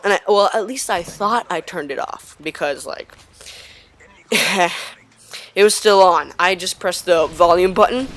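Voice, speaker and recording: A man's voice: high-pitched, moderate pace. Rambling teenage boy telling a story. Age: teens. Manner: rambling, excitable anecdote with acted-out quotes. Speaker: gaming channel host. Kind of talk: storytelling over gameplay.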